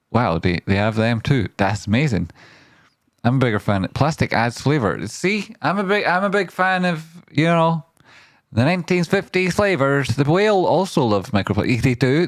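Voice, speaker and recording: Playful man rambling on stream. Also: no echo. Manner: playful, riffing, often jumps into a high silly voice. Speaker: trading livestream host. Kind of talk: rambling live-stream chat.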